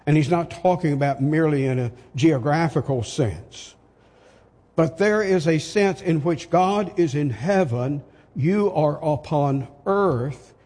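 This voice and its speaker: Slow, husky-voiced older preacher. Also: male voice, a little high, a little mellow, long reverb tail. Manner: emphatic rhetorical questions. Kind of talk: sermon.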